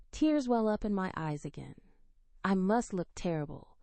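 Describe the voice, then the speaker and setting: Expressive woman reading a romance story. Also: mid-range voice, moderate pace, no echo. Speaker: audiobook narrator. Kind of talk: first-person romance narration.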